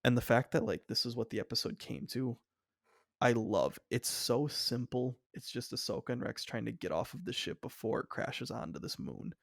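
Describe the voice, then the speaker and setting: A man's voice: mid-range voice, moderate pace, vocal fry, dry recording, clean studio sound. A young man co-hosting a podcast in casual fan discussion, talking enthusiastically and rambling with lots of "like" fillers. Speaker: podcast co-host.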